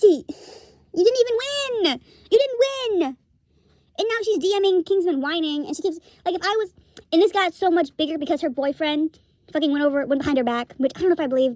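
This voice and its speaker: A woman's voice: high-pitched, fast, a little mellow, dry recording. A young woman giving a rambling, profane commentary rant, laughing often as she talks. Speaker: streamer commentator.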